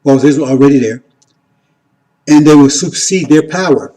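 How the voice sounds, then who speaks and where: A man giving an informal teaching sermon, repeating "See?" and "right?", moving between loud emphatic lines and quiet asides. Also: a little high, normal speed, rough recording. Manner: repetitive, keeps asking "See?" and "right?". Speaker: religious teacher.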